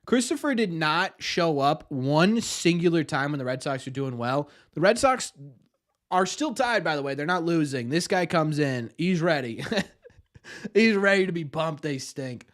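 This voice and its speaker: A young man hosting a live watch party, joking and bantering with his chat in a self-mocking, excitable way. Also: on the high side, measured pace. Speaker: livestream host.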